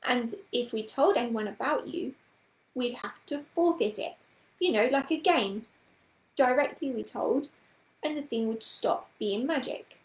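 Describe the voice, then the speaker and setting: A woman's voice: on the high side, measured pace, reverberant, close to an everyday voice, rough recording. A woman voicing an eager, earnest young girl who speaks breathlessly and pleadingly.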